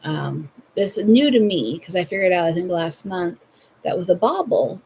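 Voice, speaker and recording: A young Southern host crochets at home during a livestream, making relaxed, playful conversation with the people watching. She talks at a moderate pace in a lowish, darkish voice with lively intonation and vocal fry, and there's a little background noise.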